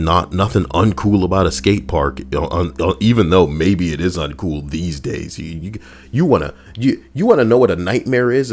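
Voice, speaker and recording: A man's voice: low voice, a little mellow. A man casually reading online stories aloud on a live stream, swearing freely, laughing and breaking off to riff between lines.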